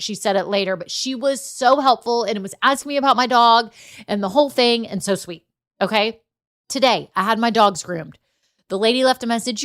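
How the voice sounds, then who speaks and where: A woman's voice: fairly high pitch, a bit bright. A woman in her forties talks alone on her podcast for business owners. She chats through personal stories in a loose, conversational flow, laughing along the way. She keeps turning to the listener with questions and direct asides. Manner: chatty storytelling, laughs often, frequent direct asides. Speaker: podcast host and business coach. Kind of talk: solo podcast monologue.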